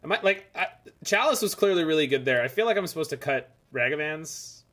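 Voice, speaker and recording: A man's voice: fairly high pitch, animated, fairly quick, a bit bright. Chatty man commenting on a game. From Canada. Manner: rambling, chatty asides between plays. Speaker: streamer. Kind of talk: casual gameplay commentary.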